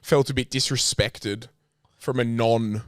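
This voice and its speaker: A man's voice: mid-range voice, fairly even intonation, a little slow, smooth, no echo. Young man asking curious questions. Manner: curious, asks short questions, dry jokes. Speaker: podcast co-host. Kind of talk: casual chat.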